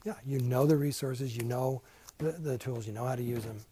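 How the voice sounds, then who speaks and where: A man's voice: medium pitch, a little fast, dark tone, a little hiss or hum, rough recording. An older man teaching a casual Bible class in a church classroom, chatty and self-deprecating, with many asides.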